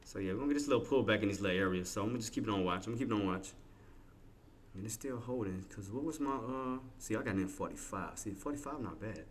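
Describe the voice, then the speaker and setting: A man's voice: on the low side, animated, fast, slight background noise. A man streaming his live trades, thinking aloud in casual slangy talk and chatting with his viewers. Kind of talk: live trading commentary.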